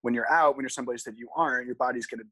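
A man in his twenties, a podcast co-host telling stories in casual chat, animated and swearing freely. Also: medium pitch, rapid-fire, no room sound, poor audio.

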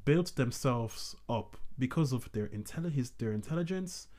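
A man's voice: medium pitch, animated, unhurried, a little mellow. A man hosting a podcast, talking in a rambling, casual way with many restarts. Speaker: podcast host. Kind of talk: casual chat.

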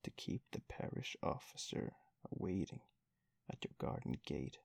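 A man's voice: low voice, gravelly, mellow, husky, no room sound, exaggerated voice. A man voicing a stout, choleric, self-important male parish beadle in a storybook reading, speaking with blustering pomp.

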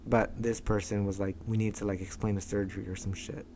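A man's voice: lowish voice, little pitch movement, quick pace, darkish tone, slight background noise. A man co-hosting a casual podcast chat, teasing and joking around. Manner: teasing, joking, mock voices. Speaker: podcast co-host.

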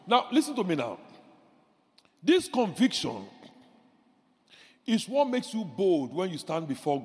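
A male pastor preaching a sermon, animated, shouting decrees and acting out little voices of the people he describes. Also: high voice, long reverb tail.

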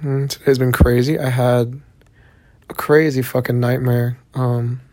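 A man's voice: medium pitch, flat delivery, measured pace, mellow. A young man from Texas with a Southern accent, telling a story in a casual vlog in a laid-back way, swearing a lot and using many fillers. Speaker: vlogger.

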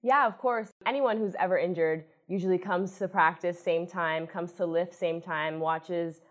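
A woman's voice: fairly low pitch, normal speed. A young woman, a student athlete, chatting easily in a podcast conversation. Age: young adult.

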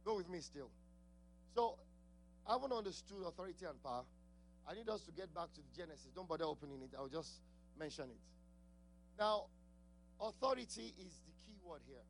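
Accented preacher guy, high voice, laughs a lot, asks the crowd questions, faint hum behind. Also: lively intonation, a little fast, pauses often. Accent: non-native English accent. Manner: laughs often, talks to the congregation, repeats key words. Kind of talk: sermon.

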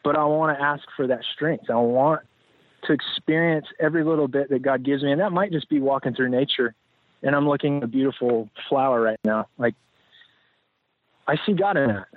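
Brisk and medium-pitched, a male podcast guest rambles reflectively in casual interview talk, stacking up fillers and restarts. The audio is tinny and phone-like, completely dry with no room sound.

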